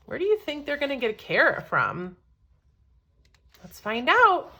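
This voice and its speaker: A woman teacher reading a storybook aloud to children, pausing to ask questions in an encouraging, expressive way. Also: a little high, creaky.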